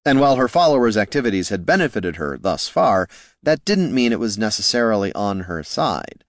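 A man reading a fantasy story aloud in a measured, wry narration. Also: lowish voice, very animated, no echo, studio quality. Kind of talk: scripted audiobook narration.

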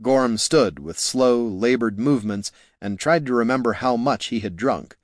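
In this audiobook narration, a man delivers a comic fantasy in a dry, measured style at a middle pitch. The sound is close-miked and dry, with no echo or room sound.

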